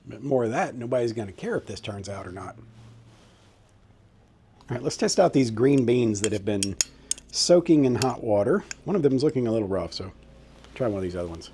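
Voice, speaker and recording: A man's voice: medium pitch, expressive, a little fast, long pauses, warm tone, a little hiss or hum. A middle-aged man, casually taste-testing and chatting in a cooking vlog. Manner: folksy, enthusiastic taste-testing. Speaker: cooking vlogger. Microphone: handheld camera mic.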